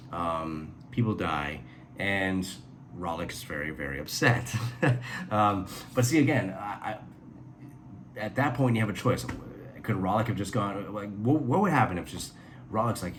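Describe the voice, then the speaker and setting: A man with a deep, low voice talks through a casual review, rambling and animated as he retells events and jumps into asides. A faint hiss sits under the recording. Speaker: reviewer and author.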